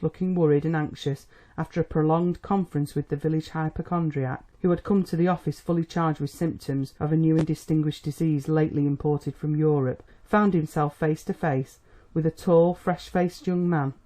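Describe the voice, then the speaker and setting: An audiobook narrator reading a period novel with measured, steady storytelling. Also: medium pitch. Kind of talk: scripted narration.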